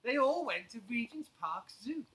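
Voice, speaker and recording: A man's voice: extremely high pitch, very animated, moderate pace, fairly bright tone, voice pushed up, heavily acted, rough recording. A man voicing a kindly older male shopkeeper in a children's storybook reading, speaking in a raised, chatty way. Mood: explaining.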